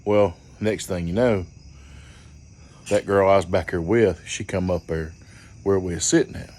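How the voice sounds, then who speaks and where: A man's voice: deep voice, fairly even intonation, a little slow, a little mellow. A man telling a rambling, profane story in a casual, folksy way.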